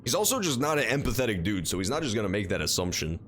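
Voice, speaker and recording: A man streaming a game, giving casual commentary in an animated, profane, joking way. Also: lowish voice, very fast, slight background noise. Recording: game music behind the voice.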